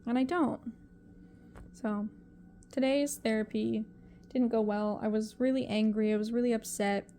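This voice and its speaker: A young woman vlogger speaks to camera in a confessional video, her fairly high voice mellow and steady in tone. She sounds emotional and halting, her thoughts rambling and trailing off, with a faint hiss beneath her voice.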